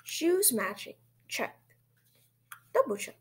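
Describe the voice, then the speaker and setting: Lady doing a cheery little schoolgirl for a storybook, high and bouncy, kinda breathy. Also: sing-song, slow, heavily acted. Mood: cheerful. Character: cheerful literal-minded young schoolgirl.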